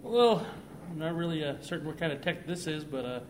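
A man's voice: a little high, expressive, a little fast, a little hiss or hum, voice pushed up, lightly acted. A man voicing a confident billionaire inventor, in a breezy, reassuring tone.

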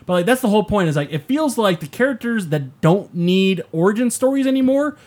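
A young man co-hosting a casual movie chat, rambling and profane, with lively mimicry of scenes. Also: high-pitched, a little fast. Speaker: podcast co-host.

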